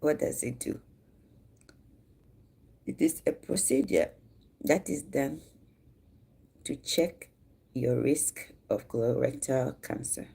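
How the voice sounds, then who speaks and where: A Ghanaian woman in her forties talks slowly on a casual livestream, breaking off to greet viewers by name. Her voice is gravelly and mellow. She chats in an easy, unhurried way. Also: extremely low pitch. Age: 40s. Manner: chatty, greets viewers mid-talk. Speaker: livestream host.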